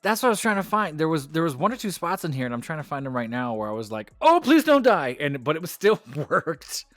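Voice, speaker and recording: A man co-hosting a wrestling podcast in casual chat, opinionated and animated, laughing often. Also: a little high, racing, no echo, clean studio sound.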